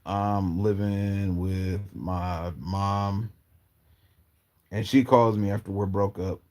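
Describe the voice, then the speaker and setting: A man from Portland telling personal stories in a casual, rambling, halting way with slang. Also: fairly low pitch, fairly even intonation, darkish tone. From Portland, Oregon, US. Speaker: storyteller. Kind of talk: casual storytelling.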